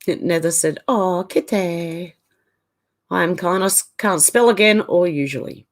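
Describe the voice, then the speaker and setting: A middle-aged woman talks casually on her livestream, reading viewer comments aloud one by one. She answers each comment with a quick, opinionated reaction. Her voice sits a little on the low side. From Australia. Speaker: livestream host.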